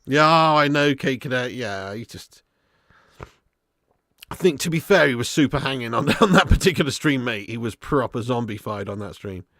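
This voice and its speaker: A man's voice: medium pitch, lively intonation, moderate pace, sharp tone, no room sound. A man hosting a live football watch-along stream, joking with chat in slangy banter and laughing often.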